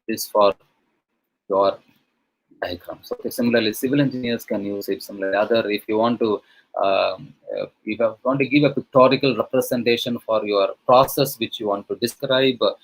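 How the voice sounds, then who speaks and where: A man's voice: fairly low pitch, poor audio. A male professor from India giving an online lecture to teachers, talking conversationally with many fillers and frequent "okay?" checks.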